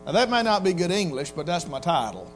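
Folksy high-voiced preacher. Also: male voice, very animated, a little fast, faint music behind. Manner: folksy Southern preacher, acts out quotes in voices. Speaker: pastor. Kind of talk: sermon.

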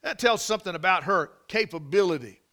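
A man delivering a sermon in a high, bright voice. He leans on repetition and slows right down to stress key phrases. He keeps checking in with the congregation through rhetorical questions. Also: expressive. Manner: preaching with repeated words, drawn-out emphasis and rhetorical questions. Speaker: pastor.

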